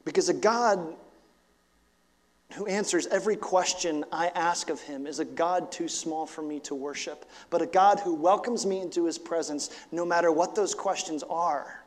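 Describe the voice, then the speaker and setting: A man of about forty delivers a sermon as a pastor, talking in a loose, conversational way and then climbing into fired-up, emphatic bursts. His voice sits high for a man. A long hall reverb trails behind his words. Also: moderate pace. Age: 40s. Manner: animated, conversational, rising to emphatic outbursts.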